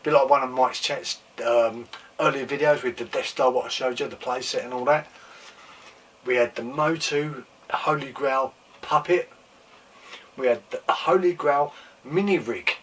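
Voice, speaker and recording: An excitable man hosting a casual toy collecting show, with a voice that is wearing thin and going slightly hoarse. He gushes and repeats his exclamations, swearing now and then. He sits a little back from the microphone, with faint room noise behind him. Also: medium pitch, unhurried, far from the mic. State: losing his voice. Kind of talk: casual show-and-tell chat.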